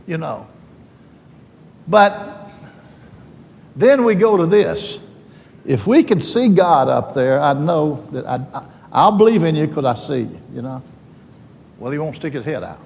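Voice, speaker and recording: Old southern guy, high voice, folksy preachy stories, echoey hall. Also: very animated, unhurried, vocal fry, pauses often, a little mellow. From Alabama, US. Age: older. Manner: homespun, joking, preacherly. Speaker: speaker addressing a team. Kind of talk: folksy faith talk with stories.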